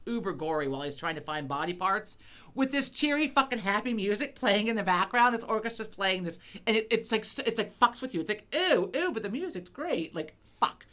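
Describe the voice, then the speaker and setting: A woman's voice: mid-range voice, lively intonation, fairly quick, fairly bright tone. A middle-aged woman co-hosting a chat podcast, rambling casually and swearing a lot, with many fillers and restarts. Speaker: podcast co-host.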